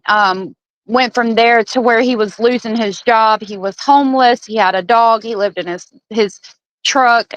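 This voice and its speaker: A woman's voice: mid-range voice, no room sound, muffled recording. A woman guest on a true crime chat, talking casually and hesitantly with many fillers, in a sympathetic tone.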